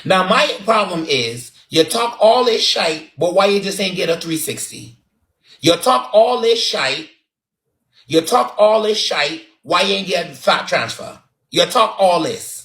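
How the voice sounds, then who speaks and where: A man's voice: sits high, animated, measured pace, fairly bright tone. A man with a Barbadian accent giving sassy, dramatic roasting commentary with lots of repetition. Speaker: online commentator. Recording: roomy echo.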